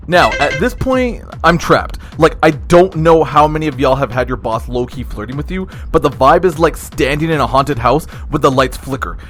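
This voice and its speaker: Young guy doing story time, slangy and animated, gets loud then goes quiet, faint music under it. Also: a little high, moderate pace, hardly any pauses. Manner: animated, slangy, swings between loud and hushed.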